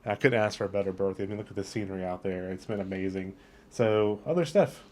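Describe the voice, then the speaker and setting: A man's voice: low-pitched, fast talker. A man hosting a casual travel vlog outdoors in a port town, talking with eager enthusiasm and lots of superlatives. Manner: enthusiastic and upbeat, with frequent superlatives. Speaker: travel vlogger.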